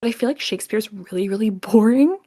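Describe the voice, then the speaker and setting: A young woman voice actor with a Southern US accent, chatting in an interview and laughing often. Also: medium pitch. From southern United States. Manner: animated, laughs often, mixes in quick demo voices. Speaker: professional voice actor guest. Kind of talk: casual interview chat.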